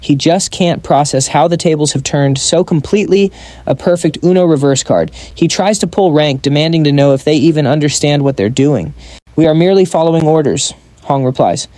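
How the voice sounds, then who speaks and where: Wry male recap narrator, mellow tone. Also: fairly high pitch, fairly quick, dry recording. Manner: wry, joking asides. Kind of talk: scripted story recap narration.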